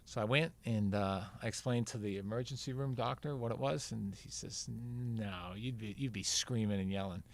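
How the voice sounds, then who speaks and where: A man's voice: on the low side, moderate pace, gravelly, few pauses. An older man, a veteran marathon runner, telling a long story casually as a podcast guest and acting out what people said. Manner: rambling, acts out quoted dialogue.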